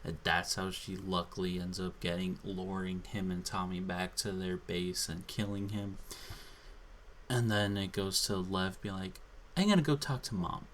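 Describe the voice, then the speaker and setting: A man ranting alone while drunk, swearing and exasperated. He talks slowly, with long drags between his words. A faint hiss of noise runs under the recording. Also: sits low, monotone, fairly bright tone. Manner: angry, profane, exasperated. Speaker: channel host. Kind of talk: drunken solo rant.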